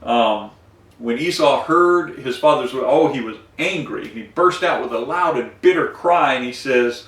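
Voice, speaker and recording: A man teaching a Bible study, retelling scripture in a folksy, animated way, acting out the dialogue with many fillers. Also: medium pitch, a little slow, roomy sound, far from the mic.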